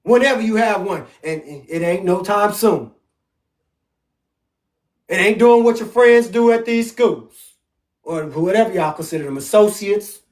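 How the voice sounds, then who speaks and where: A man with a very high voice leads a scripture lesson from his home. He preaches with emphasis and reads the verses aloud. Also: animated, a little slow, pauses often, a little mellow. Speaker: religious teacher. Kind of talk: scripture teaching on a live stream.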